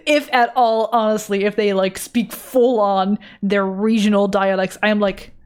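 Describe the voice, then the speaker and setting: Young adult woman, Dutch accent, native Dutch speaker; relaxed, rambling streamer chatter with the odd swear word. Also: medium pitch, slow, long pauses, clear, resonant tone. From Netherlands. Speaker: art streamer. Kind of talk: casual chat while drawing on a livestream.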